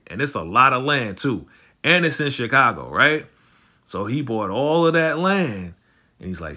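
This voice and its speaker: Animated man recapping a TV episode. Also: medium pitch. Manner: animated, slangy storytelling, often fast. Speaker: YouTube show recapper.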